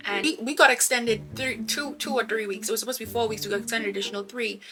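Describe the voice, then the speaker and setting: A woman's voice: fairly high pitch, steady tone, quick pace. A woman vlogger telling stories in a casual get-to-know-me chat, talking to her viewers as "girl". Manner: chatty storyteller, addresses viewers as girl. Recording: background music under voice.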